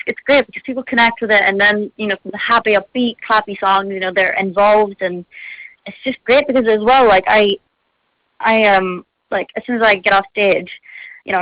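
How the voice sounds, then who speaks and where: A woman's voice: medium pitch, no echo. A teenage girl, a singer being interviewed, chatting in a bubbly way with lots of fillers and giggles. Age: teens. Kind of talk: casual chat. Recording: phone line, dull and dry.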